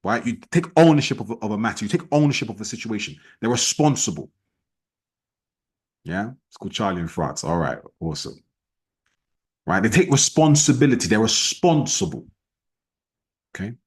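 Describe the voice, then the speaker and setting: A man leading an online sales team training, talking in a forceful, repetitive, challenging way. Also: fairly low pitch, sing-song, normal speed, long pauses, slightly rough. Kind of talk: motivational training talk.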